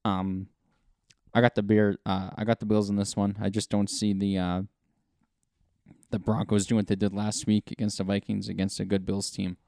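Guy co-hosting a sports podcast, low warm voice, dry close sound, rambly. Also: flat delivery, normal speed, gravelly, no room sound. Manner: rambling, lots of fillers and restarts. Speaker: podcast co-host. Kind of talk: casual sports chat.

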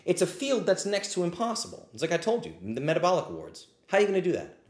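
A man's voice: sits high, wildly swooping pitch, fast, a little mellow, reverberant. A man hosting a livestreamed ask-me-anything, talking in an impassioned, blunt and profane rant. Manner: riled up, says he is getting heated. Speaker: podcast host answering live questions.

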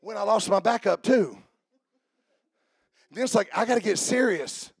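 A man's voice: sits high, normal speed, breathy edge, no room sound, clean studio sound. A man preaching a sermon as a pastor, emphatic and rousing.

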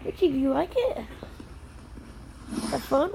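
A woman filming her children playing outside in the snow, narrating casually and calling out gentle, firm warnings to the kids. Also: fairly high pitch, big pitch swings, unhurried, creaky, a little hiss or hum, poor audio. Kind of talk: casual family vlog. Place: outdoors in the snow.

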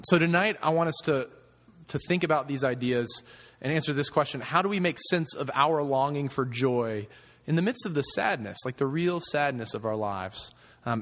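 A man preaching a sermon in a casual, conversational way, with filler words. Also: medium pitch. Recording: echoey hall with long reverb.

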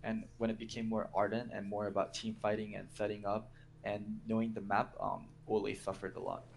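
A man on a podcast panel, giving plain, deliberate opinions. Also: on the low side, level tone, gravelly, slight background noise. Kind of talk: casual chat.

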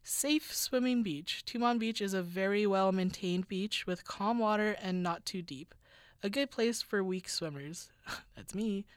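A woman's voice: medium pitch, measured pace, no echo, studio quality. A woman co-hosting a casual chat, reading reviews aloud and laughing often. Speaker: podcast co-host.

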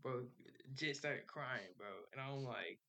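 Young man telling a story in slang, gravelly. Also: medium pitch, slow pace. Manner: animated storytelling with slang, swearing and laughter. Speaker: podcast host. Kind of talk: casual storytelling.

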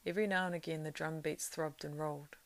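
A woman reading a novel aloud, keeping a steady storytelling pace that swells louder in the action. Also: deep voice, quick pace, dry recording. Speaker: reader.

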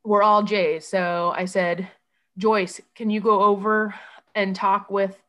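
A woman telling a painful personal story in an interview. She talks in halting bursts, with many restarts and quoted speech, and she sounds shaken. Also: medium pitch, flat delivery, a bit bright. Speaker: guest telling her story. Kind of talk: emotional personal account.

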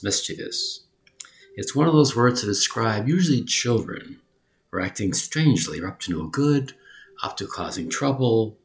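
A man giving a short vocabulary lesson, spelling each word out letter by letter and repeating its pronunciation. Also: on the low side. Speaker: English vocabulary teacher.

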